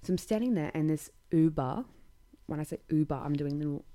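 A woman's voice: low voice, fairly quick, dark tone. A young Australian woman hosting a podcast, telling a night-out story in blunt, sweary casual chat with laughing asides. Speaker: podcast host.

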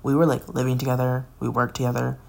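A woman's voice: very deep voice, completely flat delivery, quick pace, vocal fry. A woman in her twenties hosting a podcast, telling a candid, rambling personal story into a phone with sighs, laughs and curses. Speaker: podcast host.

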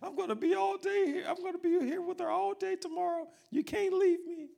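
A man preacher voicing his worn-out young wife, a new mother, in a high pleading falsetto. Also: fairly even intonation, fairly quick, vocal fry, dark tone, heavily acted.

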